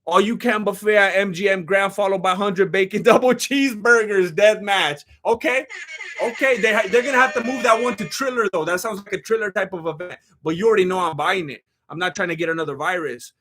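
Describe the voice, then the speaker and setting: A man's voice: high-pitched, fairly quick. A man doing casual, jokey live-stream commentary on fight news and thanking chat members. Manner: animated, jokey, reads chat donations aloud.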